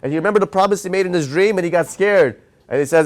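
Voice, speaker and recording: A man, a rabbi, tells a story in a Torah class and pauses to quiz his audience. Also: high-pitched. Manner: animated storyteller who quizzes his audience.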